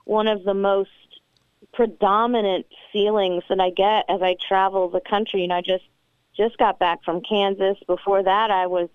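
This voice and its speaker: A woman's voice: medium pitch, level tone, moderate pace, clean tone, dry recording. Earnest woman guest, dull lo-fi sound. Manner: earnest, emphatic, repeats words as she builds a point. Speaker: constitutional expert and attorney. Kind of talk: casual talk show interview.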